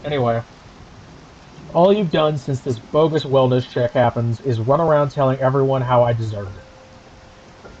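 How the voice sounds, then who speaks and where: A man's voice: mid-range voice, unhurried, long pauses, darkish tone, highs cut off, slight background noise. A man streaming from home, ranting angrily and sarcastically with heavy profanity as the channel's host.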